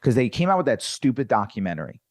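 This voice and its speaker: A man's voice: mid-range voice, fast talker, no room sound, clean studio sound. A man from Virginia, a comedian guest, telling stories in casual chat and acting out the people in them. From Virginia, USA. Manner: animated, acts out quoted exchanges.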